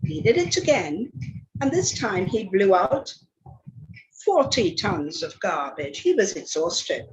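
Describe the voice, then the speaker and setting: A woman lecturer telling a children's story aloud in an animated, dramatic way, then speaking about storytelling. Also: slow pace, dull audio. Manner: dramatic, expressive read-aloud with big pitch leaps.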